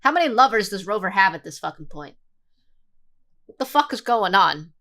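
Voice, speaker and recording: Animated, sarcastic young woman streamer. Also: medium pitch, normal speed. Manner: animated, sarcastic, swears freely. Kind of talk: casual livestream reaction.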